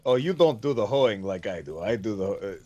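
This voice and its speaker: Man player, animated pitch, joking manner, dull lo-fi sound. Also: brisk. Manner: joking, chuckly. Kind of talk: tabletop game play.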